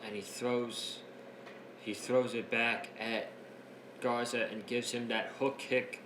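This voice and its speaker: A man reviewing a wrestling show in a casual recap. He is excitable and rambling, keeps restarting his sentences, and breaks up laughing as he retells the jokes. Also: medium pitch, takes it slowly, noisy background. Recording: roomy echo, faint ambience.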